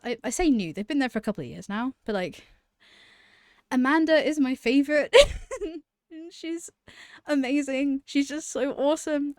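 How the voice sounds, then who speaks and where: A woman's voice: sits high, darkish tone, dry recording, clean studio sound. A young woman chatting casually to camera as a vlogger, gushing about favourite channels, laughing often and swearing freely.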